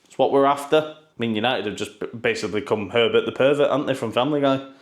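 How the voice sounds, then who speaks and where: A man's voice: medium pitch, fast. A man giving casual, sarcastic football news commentary, full of swearing and mocking asides.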